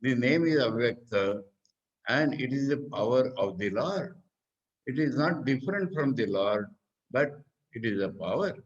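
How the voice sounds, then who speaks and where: A man with an Indian English accent, a monk and teacher giving a spiritual discourse on scripture. He explains slowly, asking questions and then answering them himself. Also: mid-range voice, expressive, lo-fi sound.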